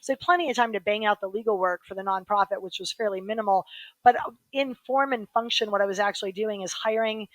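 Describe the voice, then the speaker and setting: A middle-aged woman, an attorney and guest, telling her story in a frank, brisk conversational manner with vivid quick asides. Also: mid-range voice, no echo, rough recording. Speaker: human rights attorney, guest.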